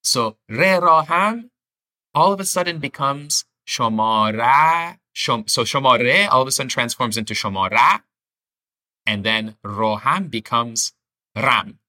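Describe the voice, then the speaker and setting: A man's voice: mid-range voice, lively intonation, moderate pace, sharp tone. A man co-hosting a language lesson, explaining phrases enthusiastically in a casual teaching chat, thinking aloud with restarts.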